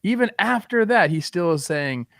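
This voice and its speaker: A man co-hosting a casual sports talk show, relaxed and chatty, with frequent likes and you-knows. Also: high voice, normal speed, vocal fry, no echo, studio quality.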